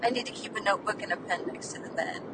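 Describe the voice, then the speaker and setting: Her words racing, a woman hosting a podcast jokes around and laughs repeatedly in casual road-trip conversation. The recording, made in a car in motion, catches her voice at a distance amid road noise and the rumble of the engine.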